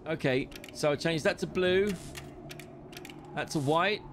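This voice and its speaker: A man giving excitable, frantic running commentary while he plays a video game. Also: a little high, a little slow, background noise. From United Kingdom. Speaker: gaming commentator. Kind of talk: live gameplay commentary. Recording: loud game audio under voice. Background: loud game sounds.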